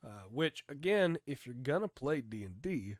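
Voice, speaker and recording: A man co-hosting a podcast about tabletop game rules, hoarse and losing his voice from a cold, chatty and explaining with lots of fillers. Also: medium pitch, very animated, moderate pace, no echo, clean studio sound. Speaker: podcast co-host.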